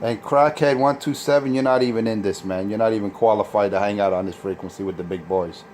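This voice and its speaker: A man's voice: fairly low pitch, fast, background noise. A man on CB radio, taunting and insulting rival operators in a boastful, crude way. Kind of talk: trash talk over CB radio.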